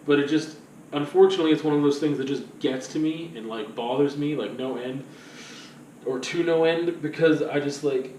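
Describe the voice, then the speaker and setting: A man's voice: mid-range voice, a little mellow, reverberant. A man rambles through a loose, conversational vlog monologue, piling up fillers and asides. He sits some distance from the microphone. A faint ambient hiss hangs under the voice. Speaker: vlogger.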